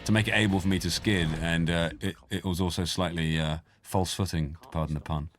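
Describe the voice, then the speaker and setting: A man's voice: sits low, fairly even intonation, a little fast. A man giving a film commentary, teasing and joking with his co-host. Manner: teasing, jokey banter. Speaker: actor. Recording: music from the film faint behind.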